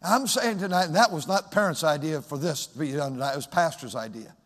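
Pastor preaching in a reverberant church. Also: male voice, on the high side, a little fast. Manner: swings from loud shouted emphasis to hushed, soft speech. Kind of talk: sermon. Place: large church sanctuary. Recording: long hall reverb.

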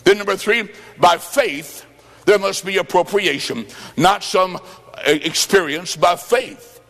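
A man's voice: high-pitched, takes it slowly, fairly bright tone. A man preaching a fervent revival sermon, pressing his points with emphasis and calling out to the congregation. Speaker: evangelist preacher. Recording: echoey hall with long reverb.

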